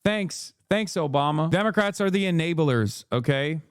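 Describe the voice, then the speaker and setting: A man's voice: a little high, expressive, moderate pace, slight background noise. A man in his thirties hosting a live-stream reaction, ranting sarcastically and reading chat messages aloud. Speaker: streamer host.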